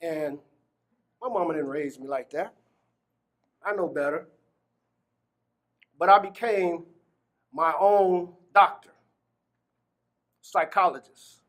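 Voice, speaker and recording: A man's voice: a little high, slow pace, pauses often, a bit bright. A man from Gary, Indiana, giving personal testimony in an interview, acting out the dialogue he quotes and laughing between phrases. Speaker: exoneree telling his story.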